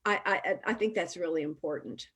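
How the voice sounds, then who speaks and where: A woman hosting a casual chat over a video call, a lively, chatty storyteller. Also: on the low side, brisk, slightly rough. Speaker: host.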